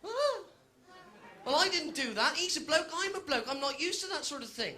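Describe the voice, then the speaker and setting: A man's voice: extremely high pitch, sing-song, moderate pace, sharp tone. A man doing a stand-up comedy set, telling a cheeky story to a live audience in a chatty way.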